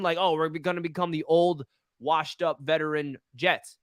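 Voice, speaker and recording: A young man hosting a casual sports fan chat, excitable and rambling with lots of fillers. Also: high voice, no echo, studio quality. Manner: excitable, fast-talking, many "like" fillers. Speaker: podcast host.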